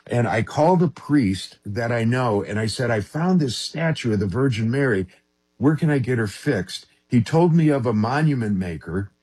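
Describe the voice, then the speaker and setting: A man, an interview guest, telling a personal story in an earnest, halting way with frequent restarts. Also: medium pitch, expressive, a little mellow, breathy edge.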